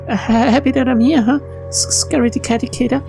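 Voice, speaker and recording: A woman's voice: a little high, steady tone, a little fast, creaky, dark tone, faint music behind, voice pushed up. A woman doing a stuttering bratty girl. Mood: teasing. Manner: stutters constantly, mocking. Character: stuttering bratty teen girl assistant, teasing. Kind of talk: reading game dialogue aloud.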